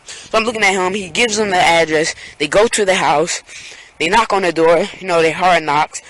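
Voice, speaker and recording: A young man telling a casual storytime vlog story, rambling with lots of fillers and restarts, and jumping into squeaky voices when he acts out his scared friends. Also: brisk, sharp tone, slight background noise, low-quality recording.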